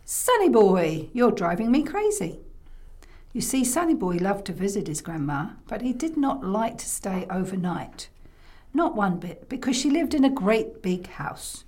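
A woman's voice: medium pitch, a little mellow. A woman telling a children's story in the oral tradition, playful, making the sound effects and inviting listeners to join in. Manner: playful, with vocal sound effects and audience prompts.

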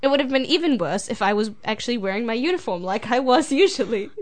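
A woman's voice: a little high, lively intonation, fast talker. A teenage girl, telling a school story in casual chat and laughing often. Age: teens. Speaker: student storyteller.

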